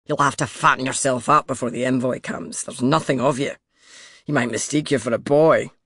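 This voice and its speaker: A man's voice: medium pitch, fairly even intonation, moderate pace, a bit bright, dry recording, studio quality, close to an everyday voice. A man voicing a crude Scottish king, teasing. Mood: mocking. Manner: coarse, teasing, mumbling to himself. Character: crude mocking middle-aged male king. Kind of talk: audiobook character voice.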